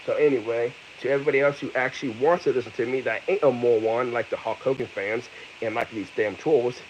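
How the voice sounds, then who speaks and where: A man's voice: mid-range voice, brisk, slight background noise, poor audio. Heated, profane man in his thirties. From American. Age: 30s. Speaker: vlogger. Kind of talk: angry ranting vlog.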